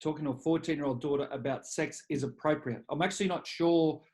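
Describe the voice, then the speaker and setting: Here a leadership coach in his forties talks quickly, his voice a little high, as a guest in an interview. He swaps frank personal stories in a blunt, profane style, turning animated when he quotes what he said himself.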